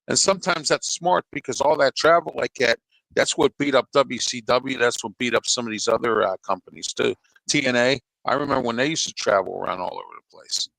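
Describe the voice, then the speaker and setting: A man's voice: medium pitch, brisk, creaky, a bit bright, dry recording, low-quality recording. A man talking as a guest on a casual sports show, rambling and restarting his sentences. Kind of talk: casual sports talk on a call.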